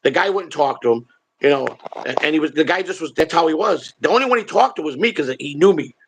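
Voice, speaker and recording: A male host rambles through a casual story on his stream, blunt and full of swearing. His fairly high voice is gravelly and husky, with a rough fry under the words. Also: lively intonation, fast, a bit bright.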